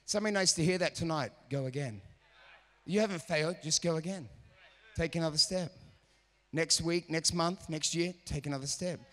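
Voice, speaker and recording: Bright-voiced preaching man in a big hall. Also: fairly high pitch, moderate pace. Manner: animated, acts out quoted voices. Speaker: pastor. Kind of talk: sermon with storytelling. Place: church auditorium. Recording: reverberant church hall.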